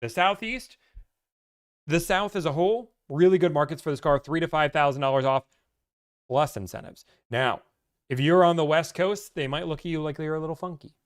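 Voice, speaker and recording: Man, fairly high voice, animated, joking, chatty car-deal advice on a live stream. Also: moderate pace. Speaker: car-buying advisor. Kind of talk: casual live-stream talk.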